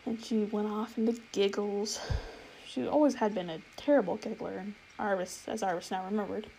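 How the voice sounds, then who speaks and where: A woman narrating a storybook chapter in a measured, expressive reading. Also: mid-range voice, gravelly, slight background noise, poor audio. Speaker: audiobook reader.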